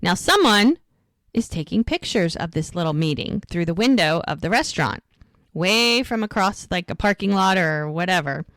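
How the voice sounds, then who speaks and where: A woman's voice: lowish voice, animated, normal speed, fairly bright tone, no echo, studio quality. A woman co-hosting a podcast, casually retelling scenes blow by blow and acting out the characters' lines. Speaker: podcast co-host. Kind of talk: casual episode recap.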